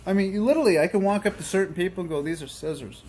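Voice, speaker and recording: A man's voice: high-pitched, racing, a little mellow, slight background noise. Blunt ranting man. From Boston. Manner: blunt, profane, heated. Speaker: host. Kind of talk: ranting talk show monologue.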